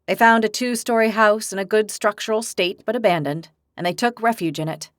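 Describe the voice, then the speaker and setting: In studio-quality, dry audio, a medium-pitched woman narrates a fantasy audiobook from a script. Her reading is steady and measured.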